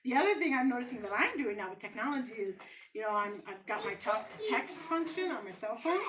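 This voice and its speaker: A woman's voice: fairly high pitch, very animated, quick pace, distant mic, crowd noise, low-quality recording. A woman in her forties doing stand-up comedy, telling rambling, self-deprecating stories about her family with many fillers. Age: 40s. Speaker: amateur stand-up comic.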